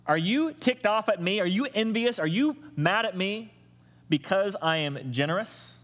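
A man's voice: high-pitched, animated, moderate pace, fairly bright tone, pitched above the performer's own voice. A man voicing a generous, indignant male vineyard owner in a sermon retelling, firing emphatic rhetorical questions. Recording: long reverb of a large hall.

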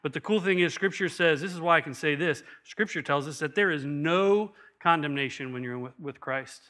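A middle-aged man delivers a sermon as pastor, his voice bright and sitting slightly high for a man. He tells stories with animation and slips into other people's voices when he quotes them. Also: normal speed.

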